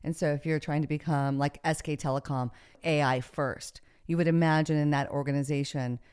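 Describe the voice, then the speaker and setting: A woman's voice: sits low, fairly even intonation, brisk, darkish tone, clear, resonant tone. A woman hosting an interview podcast, talking conversationally and affirming her guest often. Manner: conversational, frequent affirming backchannels. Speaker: podcast host.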